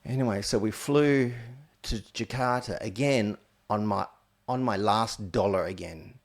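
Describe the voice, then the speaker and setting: Brief: low, gravelly man, blunt and profane storyteller. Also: measured pace. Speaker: podcast host. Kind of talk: candid storytelling monologue.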